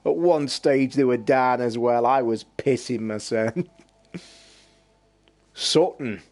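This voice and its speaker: A man's voice: medium pitch, slow pace, darkish tone, faint music behind. A man with a Derbyshire accent chatting casually with his stream viewers, telling rambling stories with plenty of swearing and laughter. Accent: East Midlands English (Derbyshire). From Derbyshire, England. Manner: sweary, rambling storyteller who laughs a lot. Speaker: livestream host.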